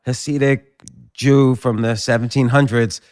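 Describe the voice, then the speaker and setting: Male interview host, smooth clear voice, thoughtful and halting. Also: medium pitch, fairly even intonation, a little mellow. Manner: thoughtful, halting, restarts while reasoning aloud. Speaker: podcast host. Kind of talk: casual interview chat.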